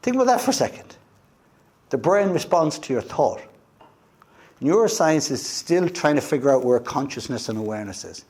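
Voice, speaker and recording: An Irish man gives a motivational talk, telling his own story with plenty of energy and acting out the voices of the people in it. His voice sits a little high for a man, and it swings widely and expressively up and down as he talks. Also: moderate pace, slightly rough. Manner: animated storyteller who acts out quoted voices. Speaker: guest speaker at a wellness event.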